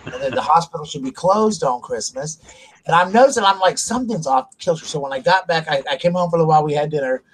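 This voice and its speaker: A man's voice: fairly high pitch, fast talker, a little hiss or hum, rough recording. A middle-aged man hosting a casual live stream, telling long rambling stories with restarts and asides. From South Carolina, US. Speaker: livestream host. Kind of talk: casual chat.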